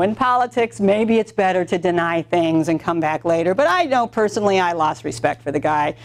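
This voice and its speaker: A middle-aged woman leading a sales training workshop, telling stories in an animated way and acting out the quotes. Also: fairly low pitch, brisk, hardly any pauses. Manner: animated storytelling with acted-out quotes. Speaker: workshop instructor.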